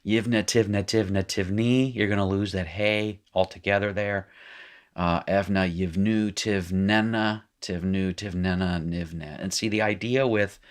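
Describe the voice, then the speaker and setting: A man's voice: sits low, steady tone, unhurried. A man teaching a recorded lesson in a casual, rambling way, reading from a textbook and correcting himself as he goes. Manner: rambling, self-correcting, joking asides; reads textbook aloud then comments.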